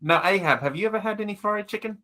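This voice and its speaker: Brief: quick, bright male player, mock-earnest and playful. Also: high-pitched. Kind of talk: casual tabletop game chat.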